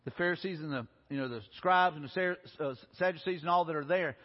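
Captured in a muffled recording from an echoing hall, a male pastor delivers an earnest sermon, often backing up to restart or repeat himself. His voice leans high and he speaks fairly quickly.

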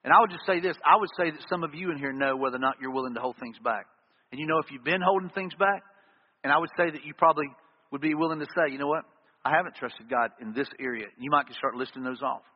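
Pastor, male, high-pitched and husky, preaching earnestly in a big reverberant church hall. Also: quick pace. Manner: earnest preaching with repeated emphatic refrains. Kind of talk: sermon. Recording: reverberant hall, dull lo-fi sound.

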